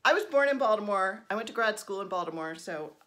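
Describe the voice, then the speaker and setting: A woman's voice: medium pitch, lively intonation, fast, a bit bright. A middle-aged woman from New Jersey chatting casually while she stitches, rambling and poking fun at herself, with lots of ums. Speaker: stitching vlogger.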